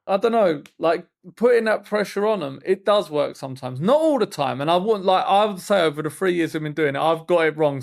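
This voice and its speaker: This is a man in his thirties with a gravelly, creaky edge to his voice, sitting a little higher than most men. He hosts a casual podcast and talks in a rambling, animated way, starting sentences over and dropping the odd swear word. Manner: rambling, animated storytelling with frequent restarts and swearing. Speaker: podcast host and youth football coach.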